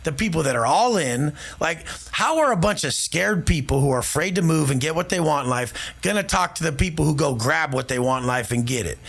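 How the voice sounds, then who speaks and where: A man's voice: on the high side, expressive, a little fast, vocal fry, few pauses, a bit bright. A man speaking brashly and profanely in boastful casual talk. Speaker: podcast guest.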